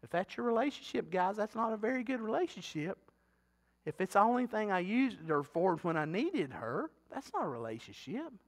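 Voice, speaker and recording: A man's voice: high voice, sing-song, moderate pace. A middle-aged man preaching a sermon in a folksy, talkative way, often asking the congregation questions. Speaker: pastor.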